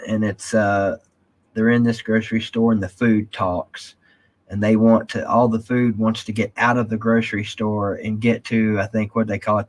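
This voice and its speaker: A man hosting a casual live stream, rambling and reading viewer comments aloud. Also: fairly low pitch.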